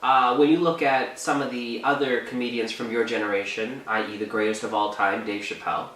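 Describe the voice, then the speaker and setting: Young Canadian male co-host, bright and forceful voice, echoey room, sits back from the mic. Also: medium pitch, steady tone, brisk, far from the mic. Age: young adult. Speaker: podcast co-host. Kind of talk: casual chat.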